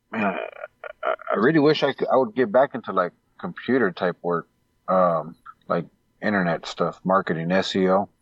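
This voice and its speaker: A man talks in a low, relaxed voice, drifting along with pauses and fillers. The recording is dry, with a slightly muffled, lo-fi tone. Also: dry recording. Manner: laid-back, rambling, hesitant. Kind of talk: casual chat.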